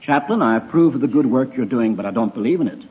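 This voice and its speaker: A man's voice: medium pitch, expressive, quick pace, breathy edge. An older man quoting a cheerful, self-assured young male pilot in a breezy, offhand tone. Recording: tinny phone-like recording.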